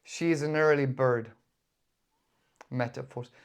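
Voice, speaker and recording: A man with a British accent giving a casual vocabulary lesson, chatty and quick to act out short example voices. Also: mid-range voice, steady tone, smooth. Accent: British English. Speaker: English teacher.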